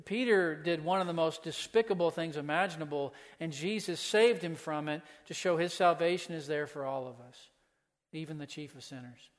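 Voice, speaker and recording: A man's voice: a little high, normal speed. A man preaching a sermon as pastor, earnest, asking the listeners pointed questions. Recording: long hall reverb.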